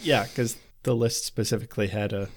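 A man's voice: on the low side, fairly even intonation, a little fast. A male podcast co-host recapping a TV episode in casual chat, sarcastic and swearing freely.

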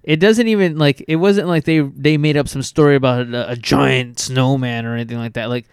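A man's voice: mid-range voice, fairly even intonation, a little fast, clear, resonant tone, dry recording. A man co-hosting a podcast in casual chat, rambling and swearing with lots of restarts. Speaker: podcast co-host.

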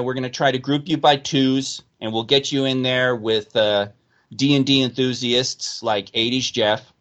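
A man hosting a casual group chat, telling jokes and playfully doing quick character voices. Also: mid-range voice, a bit bright. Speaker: podcast host telling jokes.

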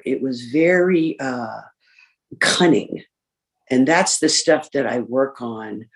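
A woman giving a candid personal share in a recovery group, reflective and pausing often with fillers. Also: very deep voice. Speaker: speaker sharing in a recovery group. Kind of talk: personal recovery share, reading list points.

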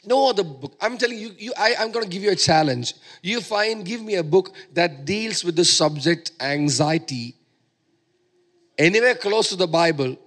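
A male preacher delivering a sermon in a somewhat high voice. He is emphatic and drives his points home by repeating phrases. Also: animated, moderate pace, fairly bright tone.

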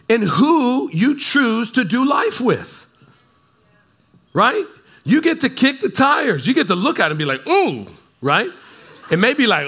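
A man's voice: high voice, bright, forceful tone. A man preaching a sermon to a congregation in a loose, conversational way, often checking in with the crowd and adding playful asides. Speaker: pastor. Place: church service in front of a congregation.

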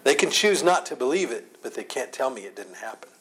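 A man's voice: mid-range voice, a little fast. A man teaching a Bible chapter verse by verse in a conversational way, acting out the speakers' lines with sarcasm and laughter. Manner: conversational, animated, acts out voices with sarcasm and laughs.

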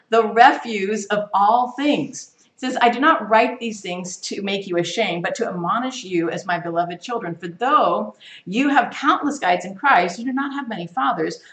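Animated woman teaching a Bible study. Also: mid-range voice. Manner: animated, emphatic, reads scripture aloud with rising stress. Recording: echoey room.

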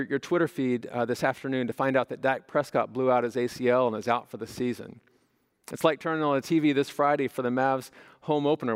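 A man preaching a conversational sermon, his voice gravelly with fry. The sound rings out with the long reverb of a large church hall. He asks the congregation questions and answers them himself. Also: medium pitch. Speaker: pastor.

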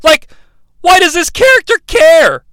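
A man's voice: very high-pitched, sing-song, a little slow, sharp tone, no echo. A man reviewing a movie in a sarcastic, profane, rambling comedic rant.

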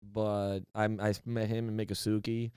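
A man's voice: on the low side, level tone, moderate pace, warm tone, clear, resonant tone, dry recording, studio quality. A man in a casual podcast chat, teasing and skeptical as he tells his own stories.

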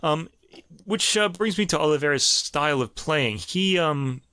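A man's voice: a little high, animated, measured pace, bright, forceful tone, clean tone, dry recording, studio quality. A man with a New York accent chatting casually through a review of a classical piano album, full of fillers and restarts, as host of a show.

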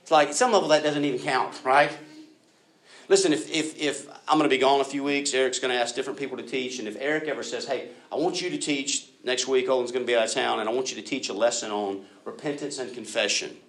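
A man preaching a sermon in a conversational way, talking to his listeners directly and acting out quoted voices with big jumps in pitch. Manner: conversational, addresses listeners as guys and y'all.

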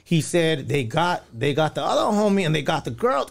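A podcast guest, this man rambles through a long personal story, piling on fillers and acting out quoted dialogue. His fairly high voice is gravelly, brisk and very animated.

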